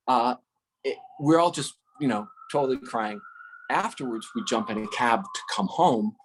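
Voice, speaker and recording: A man's voice: medium pitch, slight background noise. A middle-aged man telling a casual, rambling story with many fillers and self-corrections, host of a live talk stream.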